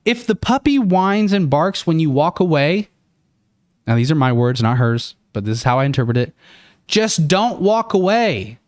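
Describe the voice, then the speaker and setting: A man who trains dogs, hosting a podcast: he reads out a list of steps, then gives his own opinion in a relaxed, conversational way. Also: a little high, moderate pace, dry recording, studio quality. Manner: conversational, with fillers and restarts. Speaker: dog trainer and podcast host. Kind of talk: casual podcast commentary.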